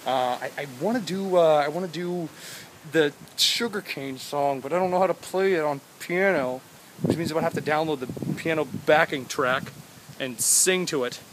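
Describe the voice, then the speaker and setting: A man's voice: a little high, noisy background. Goofy rambling young man. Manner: goofy, jokey, jumps between topics and silly voices. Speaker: vlogger. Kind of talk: rambling casual vlog. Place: outdoors at a house with a deck.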